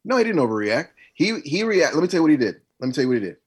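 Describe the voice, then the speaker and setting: Emphatic husky-voiced man. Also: on the high side, big pitch swings, very fast. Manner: emphatic, insistent, repeats himself. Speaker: podcast co-host. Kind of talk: casual chat.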